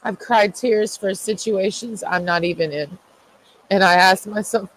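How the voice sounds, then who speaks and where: A woman's voice: mid-range voice, unhurried, slight background noise, rough recording. A tearful, distraught woman vlogging, swearing and repeating herself as she vents. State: crying. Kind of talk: emotional confessional vlog.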